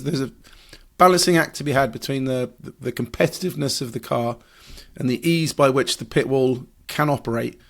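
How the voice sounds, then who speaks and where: A man's voice: medium pitch, vocal fry. A man, a motorsport journalist, explaining racing strategy in a podcast discussion, analytical with frequent fillers and restarts.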